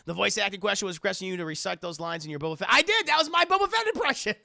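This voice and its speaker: A man hosting a livestream in a casual, excitable way, swearing freely and laughing often. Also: sits high, very fast, gravelly, no echo, studio quality. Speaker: livestream host.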